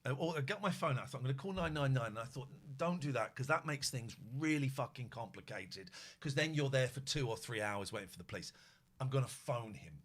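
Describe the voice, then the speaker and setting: A middle-aged man, hosting a podcast and telling a story with a lot of swearing and shouted re-enactments. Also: medium pitch, lively intonation, a little fast. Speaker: podcast host. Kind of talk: animated storytelling.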